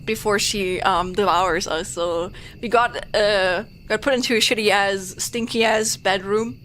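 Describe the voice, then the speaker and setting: Giggly bright-voiced German-accented woman. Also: medium pitch, fairly even intonation, unhurried, a little hiss or hum. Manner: giggly, rambling with many fillers. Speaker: VTuber host. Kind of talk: casual game-stream chat.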